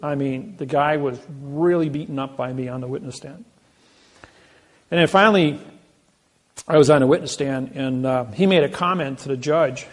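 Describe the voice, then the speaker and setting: A man's voice: mid-range voice, moderate pace. A man telling boastful anecdotes in a rambling, casual way, often restarting his sentences. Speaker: self-described sovereign legal advocate.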